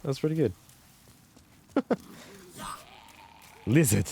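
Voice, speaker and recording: A man live-streaming a video game, chatting with viewers, excitable, laughing and swearing often. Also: medium pitch, slow, creaky, slight background noise.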